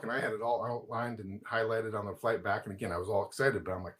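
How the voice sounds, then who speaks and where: A man hosting a casual conversation, telling stories in an animated way and quoting himself and others. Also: on the low side, fast, hardly any pauses. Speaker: host.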